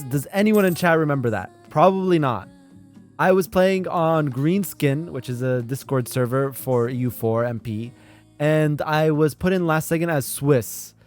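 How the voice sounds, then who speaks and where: Speaking a little slowly in a fairly high voice, a streamer and lobby host plays a live strategy game while faint music plays. He talks excitedly to his chat and laughs often.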